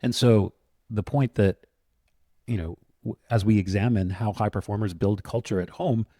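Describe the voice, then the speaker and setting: A man's voice: on the low side, moderate pace, mellow, no echo, clean studio sound. A man co-hosting a podcast, talking through his ideas in a thoughtful, step-by-step way. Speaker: podcast co-host. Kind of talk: conversational podcast talk.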